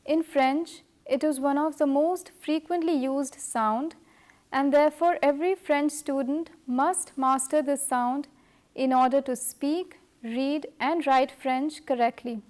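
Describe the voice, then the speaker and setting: A middle-aged woman teaching a scripted French lesson, speaking in a slow, careful, measured way. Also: high-pitched, a little mellow.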